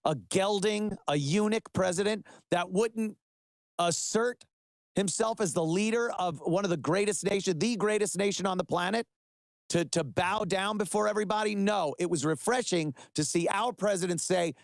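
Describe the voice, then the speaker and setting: A man's voice: sits high, moderate pace, no room sound, clean studio sound. A middle-aged man hosting a web show, delivering sarcastic, mocking political commentary with heavy emphasis.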